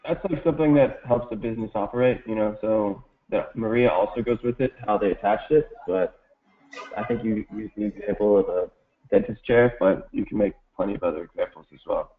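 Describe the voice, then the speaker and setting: A lower-voiced man answers exam questions in a relaxed, hesitant way, trailing off and circling back. His voice comes through thin and narrow, like over a phone line. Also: fairly quick. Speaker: exam student. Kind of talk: casual tutoring Q&A.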